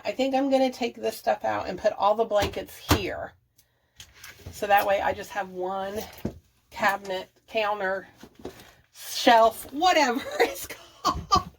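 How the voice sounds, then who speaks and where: A woman's voice: medium pitch, vocal fry, a little hiss or hum. A woman vlogging to her viewers while organizing her bathroom, chatty and thinking aloud, laughing often. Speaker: budget and declutter vlogger. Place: home bathroom. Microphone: camera set up nearby, moved around.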